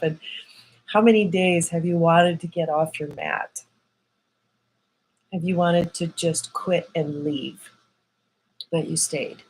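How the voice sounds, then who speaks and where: Woman vlogger, lower voice, heartfelt storyteller, faint room noise behind. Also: slow pace, pauses often, rough recording. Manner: emotional, animated retelling with quoted voices. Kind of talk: personal storytelling to camera.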